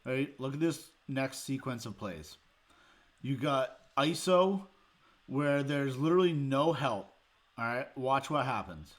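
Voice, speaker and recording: A man's voice: medium pitch, animated, slow. A man hosting a sports show, breaking down a game in a heated, exasperated rant with sarcastic jabs. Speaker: sports podcast host.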